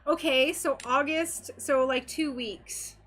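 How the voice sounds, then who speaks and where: A woman's voice: sits high, slow pace, a bit bright. A young woman chatting casually with her live-stream viewers while she works, bubbly and gushing. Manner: bubbly and gushing, talks to chat. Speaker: stained glass streamer.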